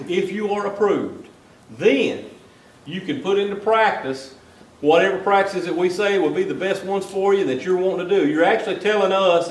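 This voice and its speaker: A man with a Southern US accent giving a folksy, joking talk to landowners as a wildlife biologist, tagging his lines with "okay?". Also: sits high. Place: meeting hall. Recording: echoey hall from some distance.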